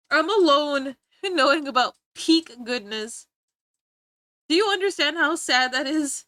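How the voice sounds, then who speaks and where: A young woman livestreamer chatting casually to her viewers, giggly and rambling, with sudden bursts of excitement. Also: sits high, normal speed, dry recording. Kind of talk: casual stream chat.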